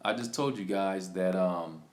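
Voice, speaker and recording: A man live-streaming to viewers, excitedly retelling a story with many restarts and acted quotes. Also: low-pitched, unhurried, echoey room. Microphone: computer mic on a live stream.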